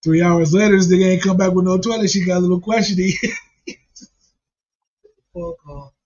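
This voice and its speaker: A man's voice: high-pitched, fairly even intonation, moderate pace, a little mellow. A man casually telling a profane, funny story and laughing along as he goes. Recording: dull lo-fi recording.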